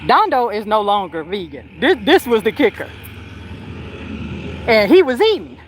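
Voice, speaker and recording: A woman hosting a livestream, telling a story in an animated, slangy way while walking outdoors and talking into her phone. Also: a little high, moderate pace, a little hiss or hum. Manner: chatty, animated retelling with slang and swearing. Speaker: psychic medium and livestream host. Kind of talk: casual live storytelling.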